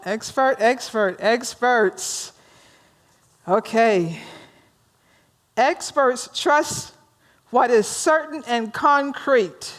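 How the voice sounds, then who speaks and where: A woman minister leads a workshop in a higher, slow-paced voice. She tells stories in an animated way and draws the audience in with questions and easy laughter. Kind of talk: storytelling workshop talk.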